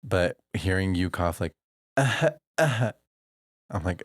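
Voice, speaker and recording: A man's voice: low voice, expressive, very slow, no room sound, studio quality. A man co-hosting a podcast, chatting casually and teasing with easy laughs. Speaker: podcast co-host. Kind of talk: casual chat.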